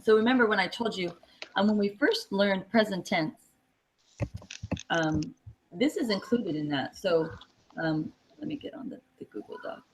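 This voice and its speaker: A woman's voice: medium pitch, animated, moderate pace, pauses often, slight background noise, low-quality recording. A woman teaching a classroom lesson, explaining patiently step by step with many fillers. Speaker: Spanish teacher.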